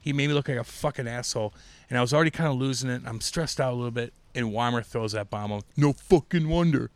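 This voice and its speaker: Profane, excitable middle-aged man. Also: mid-range voice, fast, no room sound. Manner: profane, excitable, acts out quotes loudly. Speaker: podcast co-host. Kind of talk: casual chat, storytelling.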